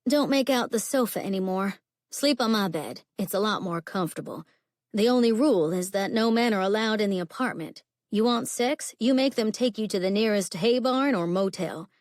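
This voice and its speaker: A woman's voice: mid-range voice, lively intonation, moderate pace, darkish tone, dry recording, clean studio sound, close to an everyday voice. A woman reading a blunt, sassy bar owner. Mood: bossy. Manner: blunt, teasing, down-to-earth.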